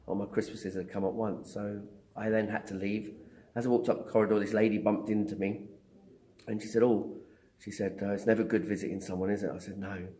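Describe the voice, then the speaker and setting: A fairly low-pitched middle-aged man, a psychic medium, talks briskly while relating his story in an interview. Animated throughout, he acts out the dialogue and says um often.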